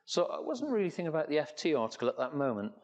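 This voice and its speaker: A man's voice: a little high, sing-song, very fast, darkish tone, lo-fi sound. An older man from England telling a long story to an audience as an entrepreneur speaker, rambling, with many fillers and restarts. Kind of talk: anecdotal talk to an audience.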